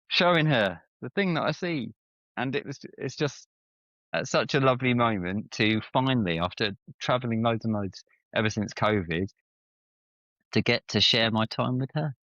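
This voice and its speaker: Podcast guest: lowish-voiced man, animated storyteller, slightly muffled, dry sound. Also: dry recording. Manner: animated storyteller, playful swings in pitch. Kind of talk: casual chat.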